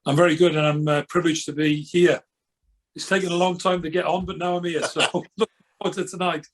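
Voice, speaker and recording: An older man from Wales, a former goalkeeper now coaching, answering questions earnestly with occasional halting repeats. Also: on the high side, level tone. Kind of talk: casual interview.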